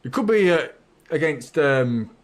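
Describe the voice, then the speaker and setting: A man hosting a live match watchalong, chatty and blunt, bursting into excited shouts when his team scores. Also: on the high side, unhurried. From north of England. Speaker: fan channel host.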